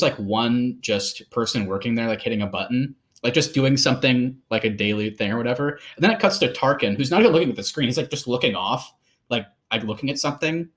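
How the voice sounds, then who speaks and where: A man co-hosts a movie podcast, chatting casually about films with plenty of filler words and laughter. His voice sits in the mid range and has a slightly bright edge.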